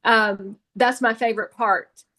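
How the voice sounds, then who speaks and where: A woman's voice: fairly high pitch, steady tone, measured pace, pushed and bright. A woman who leads a sales team, sharing her experience in a group call in a reflective, storytelling way with frequent fillers. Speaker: direct sales team leader.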